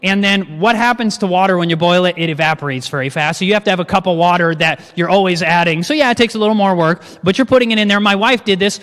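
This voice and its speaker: A man presenting a cooking class to a live audience, talking in a lively way and firing questions at the room. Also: sits high, quick pace, hardly any pauses. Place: church hall with a live audience. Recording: long church-hall reverb.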